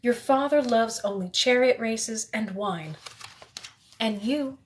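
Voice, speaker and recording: A woman's voice: fairly high pitch, slow pace, a little hiss or hum. A woman reading aloud, voicing a proud and bitter queen mother who speaks in curt commands.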